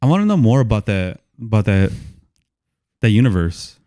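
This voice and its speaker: A man co-hosting a casual movie review podcast, laid-back and quick to agree. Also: fairly low pitch, sing-song, mellow, no room sound, clean studio sound. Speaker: podcast co-host.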